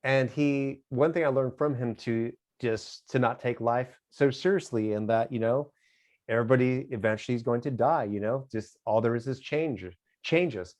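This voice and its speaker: Halting, reflective middle-aged man. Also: mid-range voice, darkish tone. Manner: smiles a lot, halting and reflective. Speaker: interview guest. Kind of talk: casual interview talk.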